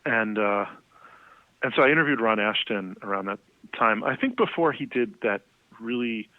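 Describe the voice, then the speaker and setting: A man, a music writer and guest, telling anecdotes over the phone in a rambling, animated way, full of fillers. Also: fairly low pitch, normal speed, no echo. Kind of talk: casual phone conversation. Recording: tinny phone line.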